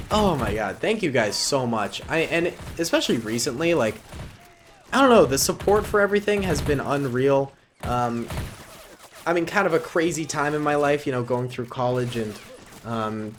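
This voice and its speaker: Goofy young guy in his 20s chatting over a game, gunfire going off behind him. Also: mid-range voice. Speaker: gaming YouTuber. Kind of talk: casual game commentary. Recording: gunfire and battle noise under voice. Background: game gunfire and explosions.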